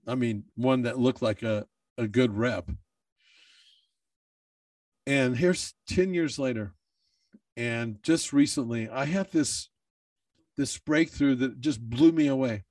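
A man's voice: medium pitch, slow, pauses often, darkish tone, no room sound, recorded from a distance. A man who is a bodybuilder, talking in a candid personal monologue, emotional and swearing freely.

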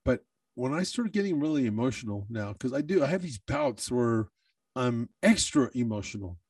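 A man's voice: mid-range voice, big pitch swings, moderate pace, darkish tone, breathy edge, dry recording, distant mic. A man who is a bodybuilder, talking in a candid personal monologue, emotional and swearing freely.

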